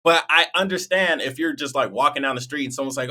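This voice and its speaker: A man's voice: on the high side, fast, bright, forceful tone. A man hosting a reaction video, talking casually and chatting directly to his viewers.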